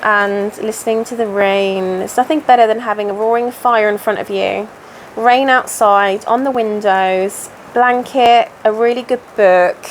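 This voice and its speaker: A woman in her thirties hosting a relaxed stitch-along chat at home, rambling and interrupting herself as she works. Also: mid-range voice, a little hiss or hum. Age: 30s. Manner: chatty, rambling, self-interrupting. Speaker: crafting channel host. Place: home, indoors.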